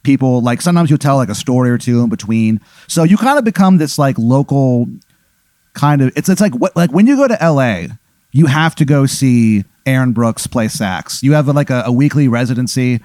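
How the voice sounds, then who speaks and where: Rambling comedy storyteller, dry close sound. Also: male voice, mid-range voice, moderate pace, dry recording. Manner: rambling, filler-heavy, animated.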